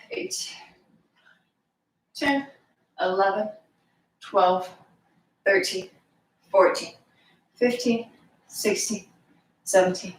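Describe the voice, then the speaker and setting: A woman fitness instructor leading a live exercise class, calmly giving cues and counting reps aloud. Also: mid-range voice. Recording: echoey room, voice from far off.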